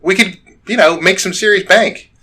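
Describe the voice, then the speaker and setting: A man's voice: sits high, moderate pace, sharp tone, voice pushed up. A man voicing a greedy, pushy male human bandit. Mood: urgent. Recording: distant mic, faint noise.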